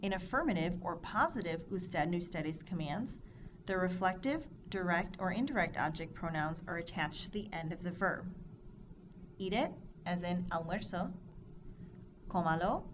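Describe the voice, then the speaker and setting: A woman teaching a Spanish grammar lesson, explaining clearly and drilling verb forms in a measured, scripted way. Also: fairly low pitch, lively intonation. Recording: dull lo-fi recording with audible noise.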